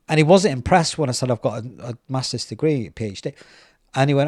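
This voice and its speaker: A British man, a podcast host, telling a personal story in a casual, animated way, acting out the voices of people he quotes. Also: mid-range voice, fast, no room sound, studio quality. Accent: British English. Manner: animated, acts out quoted voices, repeats words.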